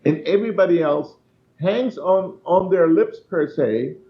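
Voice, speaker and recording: A man's voice: high-pitched, measured pace, slight background noise. A man giving blunt, emphatic answers as a guest in a political interview. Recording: dull, echoey remote line.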